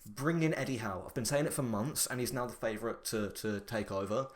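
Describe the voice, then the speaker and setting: Podcast host, man, casual chat, animated rambling delivery. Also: medium pitch, a little fast. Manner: animated, rambling, mock-outraged jokes.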